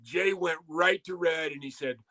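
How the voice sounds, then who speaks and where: Bright-voiced older man telling stories. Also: a little high, normal speed. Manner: rambling, salty anecdotes with acted-out quotes. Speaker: guest, former pro wrestler. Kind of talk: casual storytelling.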